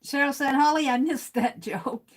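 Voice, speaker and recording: A woman hosting a casual livestream, reading viewer comments aloud, chuckling often and thinking out loud. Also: sits high, moderate pace, poor audio. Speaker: livestream host.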